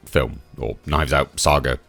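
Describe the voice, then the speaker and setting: A YouTube commentator speaks a little slowly in a steady, slightly bright voice with vocal fry, over soft background music. He reads quotes and reacts sarcastically and chattily, shifting from a low mutter to sudden high emphasis.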